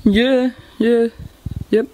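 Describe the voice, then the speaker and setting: A man's voice: very high-pitched, fairly even intonation, drawn-out words, mellow, slight background noise, exaggerated voice. An older man with an Australian accent playing a friendly, easygoing grandfather in a tiny outback town in a short film, chatty and jokey. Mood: reflective.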